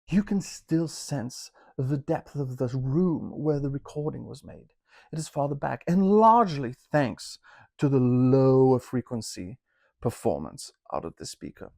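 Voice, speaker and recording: A man talking casually to camera from his home listening room, reviewing speakers with chatty joking asides and drawn-out emphasis. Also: medium pitch, vocal fry, warm tone.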